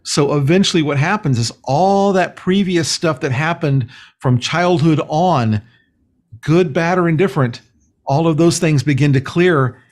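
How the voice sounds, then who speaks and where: A man speaking as a guest, explaining a spiritual practice in a calm, slow, earnest way. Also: fairly high pitch. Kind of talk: spiritual teaching in conversation.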